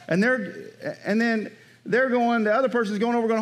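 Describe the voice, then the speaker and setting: A pastor preaching a sermon in a conversational way, often checking in with the congregation by asking "Amen?" and "right?". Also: male voice, very high voice, steady tone, fairly quick.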